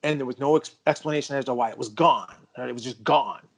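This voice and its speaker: Male podcast co-host, mid-pitched, emphatic casual storyteller. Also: fast talker, vocal fry, husky. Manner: emphatic, insists the story is true.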